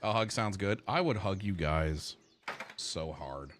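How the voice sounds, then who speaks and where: A man's voice: low-pitched, measured pace, slight background noise. A man streaming and chatting casually with his viewers, rambling and swearing freely. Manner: profane, rambling, animated. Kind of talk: casual livestream chat while gaming.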